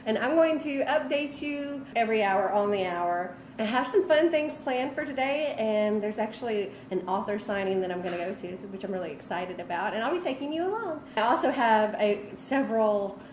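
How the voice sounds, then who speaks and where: A young woman chatting casually in a vlog about her reading, bubbly and excitable with frequent giggles, and tired as the night goes on. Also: a little high, normal speed, few pauses, a little hiss or hum. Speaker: book vlogger.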